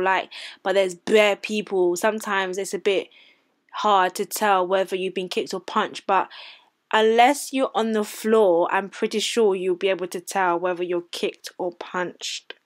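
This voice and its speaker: A woman's voice: mid-range voice, steady tone, measured pace. A young woman hosting her own channel, chatting casually as she reads out a news story and comments on it. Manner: chatty, reads an article aloud and comments between passages. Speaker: channel host.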